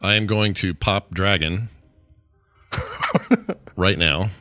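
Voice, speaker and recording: Low-voiced bright man playing a tabletop game. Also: very slow. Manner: animated, thinks aloud. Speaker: player.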